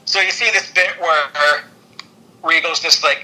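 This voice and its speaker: A man co-hosting a podcast, rambling excitedly through a wrestling recap with lots of fillers and laughter. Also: a little high, unhurried, rough recording. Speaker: podcast co-host. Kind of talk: casual wrestling recap chat.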